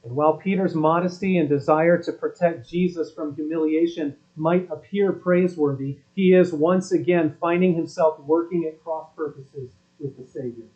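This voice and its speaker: A male pastor delivers a sermon in a fairly high, mellow voice. He leans on emphatic words and turns to his listeners with rhetorical questions. The recording is dull and lo-fi. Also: normal speed, few pauses.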